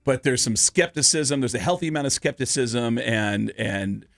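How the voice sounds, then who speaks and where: A man's voice: medium pitch, moderate pace, vocal fry, no echo, soft background music. A male stand-up comedian, a radio guest, telling stories and acting out the voices of the people in them. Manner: animated storyteller, acts out voices. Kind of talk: radio interview storytelling.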